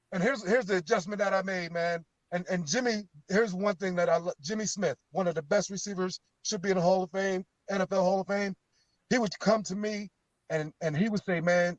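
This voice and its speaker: A middle-aged man with a high voice tells football stories as a guest, getting animated when he quotes old teammates. His voice sits close and dry, with no room sound. He speaks casually over a call-in line. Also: no room sound, lo-fi sound. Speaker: guest, former pro football player. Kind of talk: casual phone interview.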